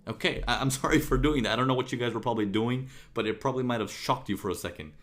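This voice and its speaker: A man giving a motivational talk, energetic, with sudden jumps in volume and frequent "okay?" checks. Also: mid-range voice, racing. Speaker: motivational speaker.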